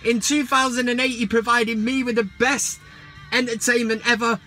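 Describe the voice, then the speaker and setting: A man's voice: extremely high pitch, flat delivery, normal speed, sharp tone, soft background music. A man hosting a football vlog, ranting heatedly and mockingly with plenty of swearing.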